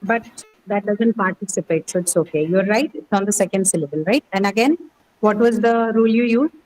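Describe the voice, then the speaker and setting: A woman's voice: mid-range voice, brisk, a little mellow, soft background music, poor audio. Patient woman teaching English stress. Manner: patient, asks questions, repeats words. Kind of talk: classroom lesson.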